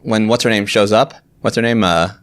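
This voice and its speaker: A man's voice: lowish voice, fairly quick, fairly bright tone. A man co-hosting a casual podcast, talking films in a curious, chatty way. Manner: curious, chatty film buff. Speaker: podcast co-host.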